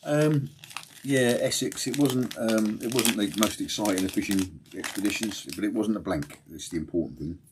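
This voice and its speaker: A deep, low-pitched man winds down at home after a long day, chatting to livestream viewers in a loose, rambling way. He sounds tired and laughs easily. A faint hiss sits behind his voice. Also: moderate pace. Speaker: fishing livestream host. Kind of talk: casual late-night chat to viewers. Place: at home at night.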